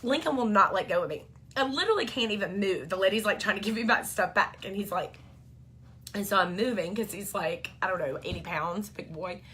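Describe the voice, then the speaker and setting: A woman's voice: mid-range voice, brisk, sharp tone, breathy edge. A woman, chatting to camera about her family in a rambling, filler-heavy way. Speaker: vlogger and mom. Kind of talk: casual storytelling to camera.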